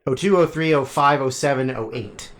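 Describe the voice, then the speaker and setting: A man's voice: medium pitch, moderate pace, a bit bright. Male podcast co-host, casual banter, rambling and profane. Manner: rambling, profane, laughs often.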